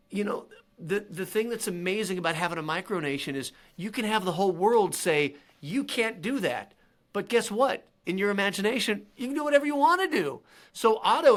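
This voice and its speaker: A man talking as a podcast guest, telling stories in an animated, excitable way with quick restarts. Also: high-pitched. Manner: animated, excitable storyteller with laughs and frequent restarts. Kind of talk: casual interview storytelling.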